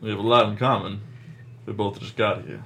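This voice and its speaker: A dry, deadpan bounty hunter, as a man plays him at a game table, speaking flatly. The voice sits low, with faint background noise. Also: fairly quick.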